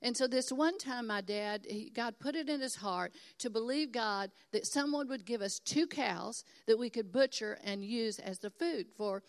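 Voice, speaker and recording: A woman's voice: a little high, normal speed, hardly any pauses. An older woman from Texas preaching a sermon in an earnest, encouraging and emphatic way. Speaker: pastor.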